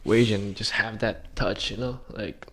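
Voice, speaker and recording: A man's voice: on the low side, steady tone, a little slow, a bit bright. A man from Indonesia co-hosting a podcast, chatting in an easygoing, eager way. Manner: easygoing, enthusiastic, says "bro" often. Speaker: podcast co-host. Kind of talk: casual chat.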